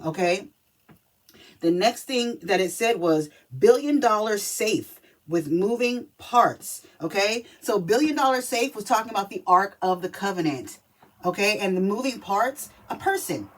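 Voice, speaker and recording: Chatty lady doing a spirit reading vid, emphatic, keeps asking okay?, mid voice. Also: medium pitch. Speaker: spiritual reader. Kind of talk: casual spiritual reading video.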